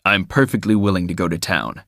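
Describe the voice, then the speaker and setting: A man voicing a brusque, jealous wealthy man in an audiobook, curt and forceful. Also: low-pitched, fairly quick, vocal fry, dry recording, clean studio sound. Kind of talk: audiobook character voice.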